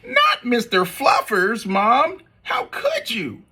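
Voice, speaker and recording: A man's voice: very high-pitched, wildly swooping pitch, slow pace, pushed and bright, husky, voice pushed up, full character voice. A man putting on a dramatic little boy's voice. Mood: pleading. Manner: pleading, melodramatic. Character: dramatic little boy who hoards toys.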